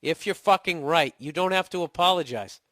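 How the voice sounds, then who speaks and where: A man's voice: a little high, moderate pace, fairly bright tone, dry recording, studio quality. A man in his forties with a Boston accent, hosting a podcast and answering listener emails in a profane, sarcastic rant while getting over a cold. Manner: profane, sarcastic, mocking impressions. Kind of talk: casual ranting monologue.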